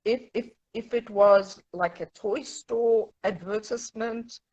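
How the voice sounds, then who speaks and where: A woman's voice: a little high, takes it slowly, a little mellow, low-quality recording. A young woman, a fashion designer guest, chatting in an amused, easygoing way. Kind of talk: casual chat.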